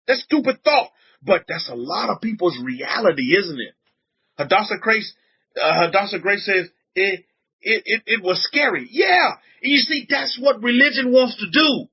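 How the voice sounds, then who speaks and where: A man's voice: expressive, measured pace, husky. A man, a rabbi, preaching emphatically on a livestream, reading out chat comments and repeating his points. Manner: emphatic, repetitive preaching with frequent pitch swings. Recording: dull lo-fi audio.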